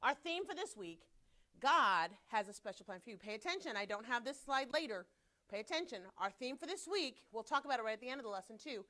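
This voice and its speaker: A bubbly woman leads a children's Sunday school class, teasing the kids and rattling along quickly. Her voice is bright and a little high, with a forceful ring to it. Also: animated. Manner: bubbly, teasing, fast-talking. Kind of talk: children's class, lively and playful.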